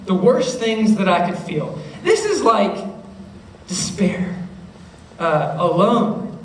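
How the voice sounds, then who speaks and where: Young male youth speaker, high voice, animated and chatty, heard from a distance in a roomy hall. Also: takes it slowly. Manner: animated, acts out students' voices, keeps checking in with the listeners. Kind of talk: youth talk to middle schoolers. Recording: roomy, distant mic with faint noise.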